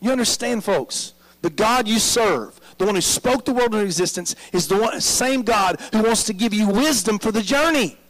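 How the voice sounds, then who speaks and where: A man's voice: high voice, lively intonation, moderate pace, few pauses, fairly bright tone, poor audio. A man preaching a sermon as pastor, drawing the congregation in with frequent "amen?" prompts.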